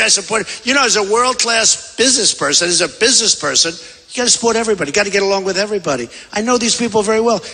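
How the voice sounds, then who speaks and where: A political candidate delivers a rambling, conversational rally speech, looping back and repeating himself. His voice is high for a man, bright and forceful, echoing with long reverb through a large convention center hall.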